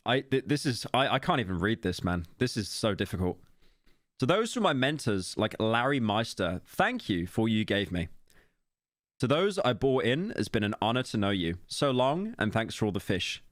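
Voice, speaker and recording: A man's voice: fairly low pitch, big pitch swings, normal speed, no room sound, clean studio sound. A young British man streaming, reading posts aloud and reacting with wry, mocking commentary and laughs.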